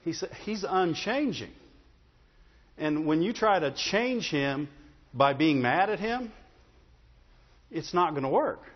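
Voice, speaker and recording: Pastor, male, easygoing sermon delivery with a lively voice, recorded with a muffled sound in a church with long reverb. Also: a little high, takes it slowly, pauses often. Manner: conversational, repeats "Amen?" and "Right?". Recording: dull, with long hall reverb.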